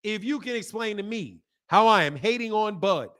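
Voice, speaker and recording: A man's voice: sits high, lively intonation, moderate pace, fairly bright tone. A man from the Midwest hosting a boxing live stream, chatting loosely and joking while he reads chat comments aloud. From American Midwest. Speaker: boxing channel host.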